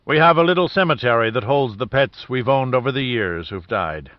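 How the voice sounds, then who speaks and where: A man's voice: mid-range voice, lively intonation, fairly quick, no echo, close to an everyday voice. A man reading the lines of a big, hearty, sentimental husband, close to his own voice, on a dull dry recording. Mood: tender.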